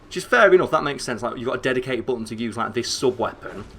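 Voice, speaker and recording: A young man with a northern English accent, chatting excitably and swearing as he streams a game, rambling with lots of fillers. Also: medium pitch, fast talker, a little hiss or hum. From northern England. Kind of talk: casual gameplay commentary.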